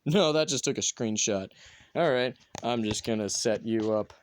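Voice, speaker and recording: A man from North Carolina talking casually to his phone in a rambling monologue, swearing often and filling pauses with ums and uhs. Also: mid-range voice, slight background noise. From North Carolina, USA. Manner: swears a lot, rambling with many fillers. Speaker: vlogger.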